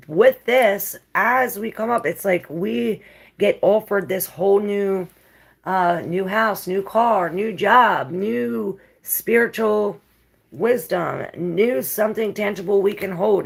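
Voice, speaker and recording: A woman's voice: mid-range voice, gravelly, husky. A woman giving a casual tarot reading, musing and rambling in a dreamy way with many fillers. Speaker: tarot reader.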